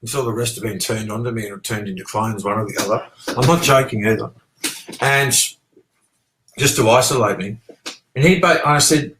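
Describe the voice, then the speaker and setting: A man's voice: medium pitch, normal speed, fairly bright tone, low-quality recording. An Australian man telling a rambling story as an interview guest, swearing freely and talking with animation. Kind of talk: casual storytelling.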